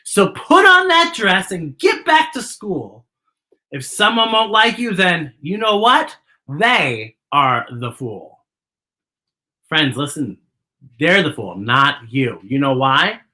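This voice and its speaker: A woman's voice: on the low side, very animated, slow pace, sharp tone. A woman hosting a children's story time, reading a picture book aloud and talking directly to young viewers at home.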